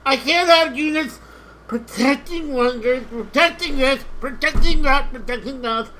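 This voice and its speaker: A woman playing a strategy game live, exasperated, repeating herself and shouting at units on screen. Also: high-pitched, measured pace, a little hiss or hum, poor audio. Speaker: gamer.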